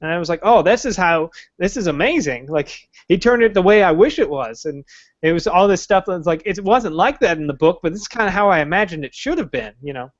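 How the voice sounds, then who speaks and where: A man with a high voice co-hosts a casual podcast. He swears freely and jumps into an even higher voice to mimic characters. The sound is dry and close, with dull lo-fi audio. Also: quick pace, dry recording. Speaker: podcast co-host. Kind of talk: casual chat.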